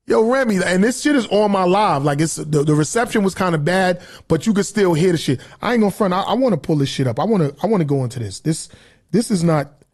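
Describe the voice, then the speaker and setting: New guy with a high voice, podcast host ranting, cussing a lot, rambles all over. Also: darkish tone. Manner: profane, heated, rambling. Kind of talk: casual livestream rant.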